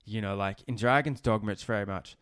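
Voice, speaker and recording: A man co-hosting a casual gaming podcast, animated and ranting, swearing and restarting sentences. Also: lowish voice, fast talker, smooth, no echo, clean studio sound. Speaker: podcast co-host.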